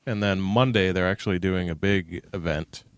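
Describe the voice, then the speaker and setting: A male podcast host with a low voice, talking eagerly in a casual chat. He keeps the show moving from topic to topic. The sound is close and dry, with no room echo. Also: moderate pace, clear, resonant tone.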